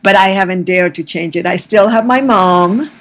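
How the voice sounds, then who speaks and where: A woman guest on an interview, a lively storyteller who acts out the voices of the people she quotes. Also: on the low side, moderate pace. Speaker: guest, business educator.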